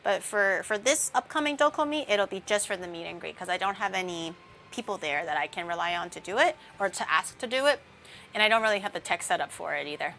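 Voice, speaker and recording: Bright, chatty young woman streamer. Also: medium pitch, lively intonation, fast talker, vocal fry, a little hiss or hum. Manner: chatty and rambling, with many fillers and playful tangents. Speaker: VTuber streamer. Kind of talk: casual livestream chat while baking.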